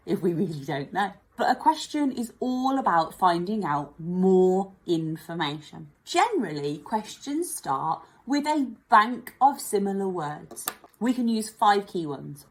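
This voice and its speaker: Lady teacher doing a kids lesson online, super lively up n down voice, lots of encouragement. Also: medium pitch, measured pace, breathy edge. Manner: warm, encouraging, speaks directly to children. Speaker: primary school teacher.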